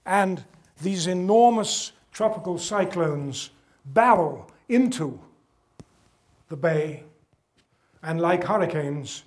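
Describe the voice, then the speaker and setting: An older man giving a public lecture, earnest and emphatic, dropping his voice low to press home a point. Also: lively intonation, takes it slowly, long pauses. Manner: earnest, emphatic, drops to quiet for weight. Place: gala event hall.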